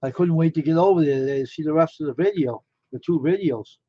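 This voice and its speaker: A man with a slightly high voice talks fast in a casual live-stream chat, rambling with amazement and shooting off one question after the next. His audio is dull and lo-fi, dry with no room sound.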